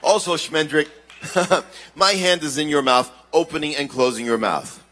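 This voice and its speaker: Bright-voiced male ventriloquist on stage. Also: fairly high pitch, lively intonation, moderate pace. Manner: mixes English with Yiddish, addresses children directly. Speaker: ventriloquist entertainer. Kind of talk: live stage comedy performance.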